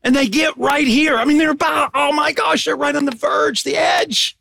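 A middle-aged man preaching a sermon as pastor, animated, swinging between loud emphatic bursts and hushed asides. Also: very high-pitched, moderate pace, gravelly.

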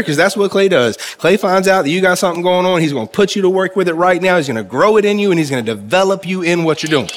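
A man's voice: high-pitched, lively intonation, quick pace, hardly any pauses. Folksy male preacher telling stories. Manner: folksy storytelling with humor; conversational, addresses congregation directly. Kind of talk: sermon. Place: church service.

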